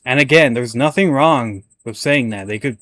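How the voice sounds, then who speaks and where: Casting: young male commentary host, chatty and rambling, stumbles over words, mid-pitched voice. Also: moderate pace, a bit bright. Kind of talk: casual reaction commentary.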